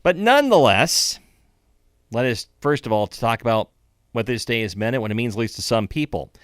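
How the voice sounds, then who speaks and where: Older man, radio host, bright tone, dry studio sound, chatty asides. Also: mid-range voice, expressive, normal speed, no echo. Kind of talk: morning radio show monologue.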